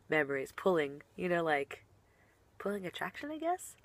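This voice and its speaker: A woman's voice: mid-range voice, very animated, normal speed, long pauses, no echo. A young woman, a professional wrestler, chatting casually while answering online questions, bubbly and giggly and often trailing off mid-sentence.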